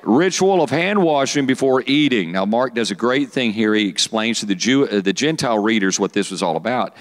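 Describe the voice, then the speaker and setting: A man's voice: mid-range voice, a little fast. Joking preacher man. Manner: lively, joking, calls for audience responses. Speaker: youth pastor. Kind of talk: sermon.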